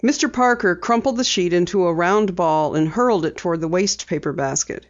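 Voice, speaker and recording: A woman narrating a story with an even, storytelling delivery. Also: fairly low pitch, a little fast. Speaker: audiobook narrator. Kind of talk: scripted narration. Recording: slightly dull lo-fi audio.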